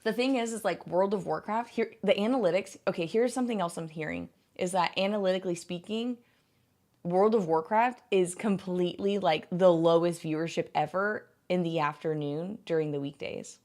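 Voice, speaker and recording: A woman's voice: fairly low pitch, moderate pace, darkish tone. A woman in her thirties, a livestreamer chatting casually with her viewers, rambling and filling her talk with "like". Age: 30s. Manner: rambling, heavy use of "like". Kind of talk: casual stream chat.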